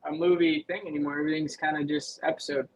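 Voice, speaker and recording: A man's voice: on the high side, flat delivery, fast, darkish tone, low-quality recording. A young man, a guest on a podcast, talking in a laid-back, casual way full of "like" and "dude". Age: young adult. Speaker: guest motocross rider. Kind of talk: casual interview chat.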